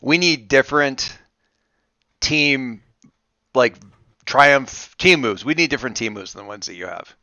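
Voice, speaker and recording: A man's voice: medium pitch, unhurried, pauses often, pushed and bright, dry recording. A man acting as game master of a tabletop role-playing session, explaining rules in a rambling, self-correcting way.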